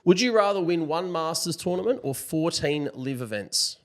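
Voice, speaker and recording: Upbeat man hosting quick-fire questions. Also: on the high side, animated. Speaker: podcast host. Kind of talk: casual interview.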